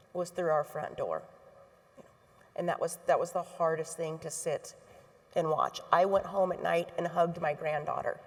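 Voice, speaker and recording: A middle-aged woman with a somewhat low voice speaks earnestly from a stage. Her delivery is heartfelt and steady. A long hall reverb trails her words. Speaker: healthcare association board chair. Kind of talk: onstage talk to an audience.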